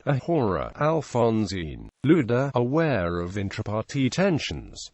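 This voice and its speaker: A synthetic male voice reads an encyclopedia article at an even, steady pace, with the occasional odd pause. The sound is dry and close, with no room around it. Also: mid-range voice, no room sound.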